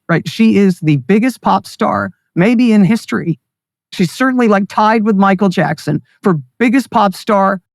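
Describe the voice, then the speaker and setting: Appearing as a guest in a political interview, a man with a high voice rants heatedly, full of sarcasm and scorn, and mocks others by putting on voices. The audio is studio quality with no echo.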